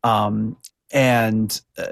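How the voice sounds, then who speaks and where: A man's voice: lowish voice, little pitch movement, drawn-out words, gravelly, dry recording, clean studio sound. A man co-hosting a podcast, chatting loosely about song lyrics with many fillers and restarts. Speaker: podcast co-host.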